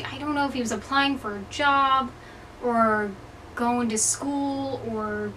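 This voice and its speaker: A woman's voice: fairly high pitch, a bit bright, recorded from a distance, slight background noise, low-quality recording. A young woman telling stories to her camera in a rambling, self-mocking way, full of swearing and fillers. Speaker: vlogger. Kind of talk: casual storytelling to camera. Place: indoor room, hot.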